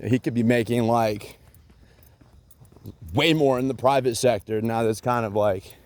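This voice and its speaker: A man's voice: mid-range voice, a little slow, a little mellow, no room sound. A man in a rambling solo rant, agitated and profane, repeating himself with many fillers and bits of sarcasm.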